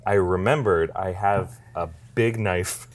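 Young guy with a lowish voice, chatty podcast co-host, jumps into silly voices when he tells a story. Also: measured pace, a little hiss or hum. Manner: animated storyteller, acts out voices and laughs often. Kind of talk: casual chat, storytelling.

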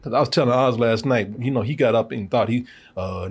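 A man's voice: medium pitch, fast, slightly rough. A man hosting a movie review show, telling stories in casual chat, laughing often and acting out quotes. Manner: laughing, animated storytelling, acts out quotes.

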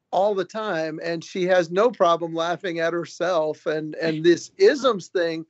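A man who is a comedian and author, telling stories as a guest in a casual, animated, joking way. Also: high-pitched, no echo. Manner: animated, joking, quotes people in their own words. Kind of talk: casual storytelling. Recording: dull, lo-fi recording.

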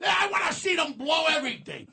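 Brief: older New radio host, high gravelly voice, bright and loud, shouts his rants. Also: big pitch swings, brisk. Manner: loud, ranting, shouts insults. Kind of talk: talk radio rant.

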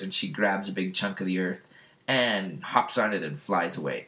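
Chatty man recapping a comic. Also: bright, forceful tone. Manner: reads comic dialogue in quick high put-on voices, laughs often. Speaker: podcast host. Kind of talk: casual comic book recap.

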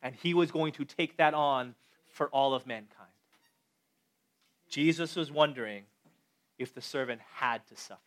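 A man's voice: mid-range voice, unhurried, long pauses. A man preaching a conversational sermon, talking straight to his listeners and asking them questions. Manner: conversational, animated, addresses the audience directly. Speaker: pastor.

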